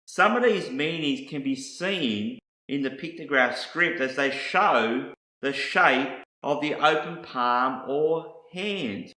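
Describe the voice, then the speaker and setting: A man teaches in a slow, measured delivery, laying out each word meaning one by one. His voice is bright and forward. The room around him gives back a clear echo. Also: fairly high pitch. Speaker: Bible teacher.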